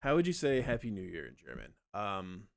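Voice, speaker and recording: A man's voice: fairly low pitch, huge pitch swings, fairly quick, creaky, no echo, studio quality. A man chatting casually on a live stream while he plays, thinking aloud and rambling with plenty of fillers.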